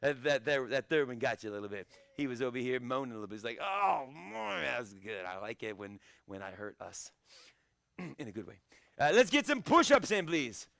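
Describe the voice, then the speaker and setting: A man coaching a live online karate fitness class, shouting encouragement and countdowns and joking between sets over a video call. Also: medium pitch, very animated, fairly quick, no echo. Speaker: karate instructor.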